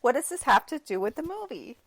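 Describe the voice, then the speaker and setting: A woman's voice: high-pitched, fairly quick. A woman on a podcast recapping a movie in casual chat, sarcastic and prone to laughing. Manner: sarcastic, lively, laughs often. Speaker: podcast co-host.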